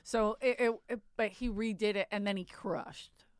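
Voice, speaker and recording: Smooth-voiced woman telling a profane story. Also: medium pitch, steady tone, normal speed, no room sound, studio quality. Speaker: guest comedian. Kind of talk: casual podcast chat.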